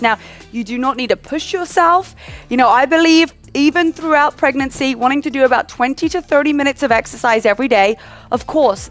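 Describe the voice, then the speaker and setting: Gentle pregnant woman cueing stretches over music. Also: high-pitched, fairly quick. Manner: gentle, encouraging cueing with breath counts. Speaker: fitness instructor. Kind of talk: guided prenatal workout instruction. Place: home workout space, indoors. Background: soft background music.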